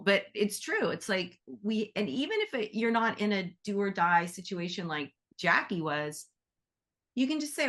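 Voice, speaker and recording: A woman with a slightly low voice hosts a relaxed online talk. She speaks in an animated, chatty way, slipping into little acted-out quotes. She is heard over a video call. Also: normal speed. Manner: animated, chatty, often acting out quoted thoughts. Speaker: host and animal Reiki teacher. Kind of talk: casual online session talk.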